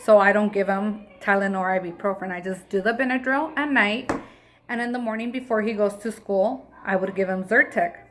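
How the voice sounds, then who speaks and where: A woman's voice: medium pitch, a little fast, noisy background. A woman in her thirties, a mother, telling a personal story in a casual, emotional way, often acting out what people said. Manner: emotional, animated retelling with quoted dialogue. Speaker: mother and vlogger.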